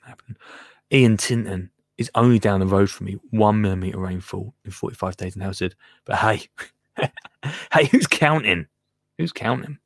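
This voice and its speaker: A man's voice: lowish voice, level tone, moderate pace, dry recording, clean studio sound. A man from England hosting a live show, chatting casually and rambling as he reads out listener comments, laughing often and trailing off into mutters. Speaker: radio show host.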